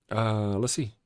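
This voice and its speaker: A middle-aged man hosting a casual livestream morning show, chatting, joking and greeting viewers, laughing often and restarting his words. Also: lowish voice. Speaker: host of a live morning show. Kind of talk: casual livestream chat reading viewer comments.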